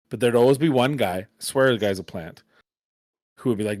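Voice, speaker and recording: A man's voice: mid-range voice, fairly even intonation, brisk, darkish tone, no echo, studio quality. A man co-hosting a livestream, chatting casually and telling wry stories, sometimes quoting people in voices. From Canada. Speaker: stream co-host.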